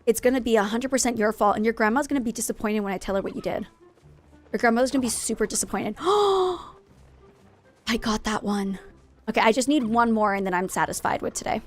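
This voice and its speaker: A woman's voice: fairly high pitch, fast talker, soft background music. A woman live-streaming a game in casual chat, greeting viewers and going off on playful, jokingly dramatic rants.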